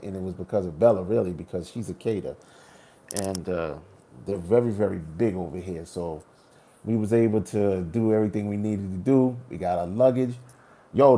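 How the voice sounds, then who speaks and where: Man, gravelly voice, casual animated travel storytelling. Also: fairly low pitch. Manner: animated, slangy, acts out his own reactions. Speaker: travel vlogger.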